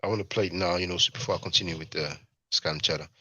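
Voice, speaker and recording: A man hosting a livestream, commenting casually and talking in a halting way with many fillers and restarts. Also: low-pitched, fairly even intonation, bright, forceful tone, no echo. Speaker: livestream host.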